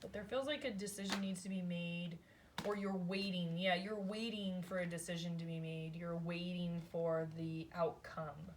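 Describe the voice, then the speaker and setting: A woman's voice: fairly low pitch, fairly even intonation, moderate pace, slight background noise. A woman giving a casual tarot reading, thinking aloud in a chatty, rambling way, often adding "like" and "right?". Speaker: tarot reader.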